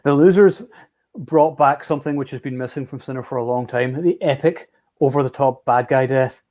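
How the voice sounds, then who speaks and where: A man hosting a casual film chat show, relaxed and rambling, often restarting his sentences. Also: mid-range voice, a little fast. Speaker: podcast host.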